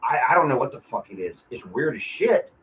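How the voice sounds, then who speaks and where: A man's voice: mid-range voice, big pitch swings, fairly quick, fairly bright tone, rough recording. Frustrated, profane man venting. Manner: frustrated, profane, rambling with restarts. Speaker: vlogger. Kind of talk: casual venting monologue. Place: apartment.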